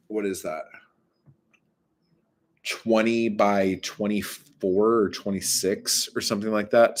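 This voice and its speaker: Foul-mouthed, rambling man vlogging. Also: on the low side. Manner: profane, exasperated, rambling with many fillers. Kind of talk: casual rambling storytelling vlog.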